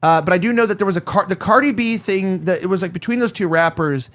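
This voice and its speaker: A man chats loosely as the host of a talk show. He rambles along in a somewhat high voice, filling his sentences with "like" and "uh". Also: fast talker, fairly bright tone. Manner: rambling, heavy filler words. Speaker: podcast host. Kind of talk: casual chat.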